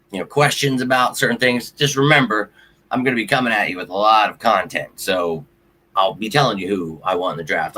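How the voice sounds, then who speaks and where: A man hosts a sports livestream, chatting casually with viewers while he rants in frustration and curses now and then. His voice is fairly low yet pushed and bright. He's an adult with a child.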